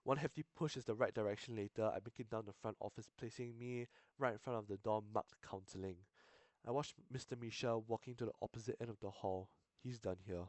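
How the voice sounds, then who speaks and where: A man's voice: lowish voice, fairly even intonation, darkish tone, dry recording. A young man reading a visual novel aloud on stream, swearing, stumbling and restarting lines. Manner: sweary, halting, self-interrupting. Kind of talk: casual game reading with asides.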